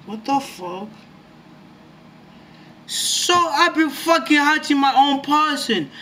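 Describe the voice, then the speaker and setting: A young man commentating his own gameplay, excitable and jumpy, swearing often. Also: very high voice, takes it slowly, slight background noise. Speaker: gaming YouTuber.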